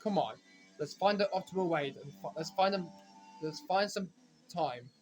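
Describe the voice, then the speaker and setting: A man giving rambling, self-correcting commentary while playing a racing game, now and then breaking into frustrated shouts. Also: high voice, expressive, moderate pace, faint music behind. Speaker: gaming commentator. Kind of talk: casual let's-play commentary.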